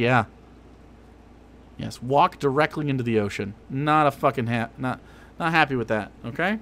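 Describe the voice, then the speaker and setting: A man's voice: mid-range voice, normal speed, pauses often, fairly bright tone. A man hosting a livestream, reacting to a video with crude, sarcastic rants. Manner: crude and sarcastic, mock-ranting. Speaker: livestream host. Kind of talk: casual livestream rant.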